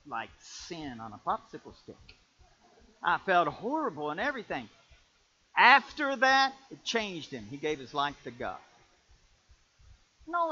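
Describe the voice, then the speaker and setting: A man preaching as pastor, in a folksy, animated storytelling way that jumps to loud peaks. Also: fairly high pitch, highs cut off, slight background noise. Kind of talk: sermon.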